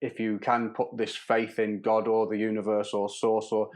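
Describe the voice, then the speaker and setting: Male podcast guest, lowish voice, earnest and philosophical, repeats himself. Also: completely flat delivery, moderate pace. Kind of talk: casual conversation.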